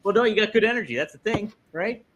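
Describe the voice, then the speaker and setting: A man co-hosting a casual podcast, reading viewer chats aloud, agreeable and quick to laugh. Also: sits high, lively intonation, a bit bright, highs cut off. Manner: upbeat, agreeable, laughs often. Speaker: podcast co-host.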